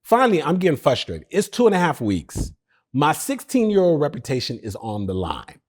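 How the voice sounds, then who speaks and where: A man's voice: on the high side, normal speed. A man telling a personal story as a podcast guest, acting out the dialogue and talking directly to the host. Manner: lively, acts out dialogue, talks directly to the host.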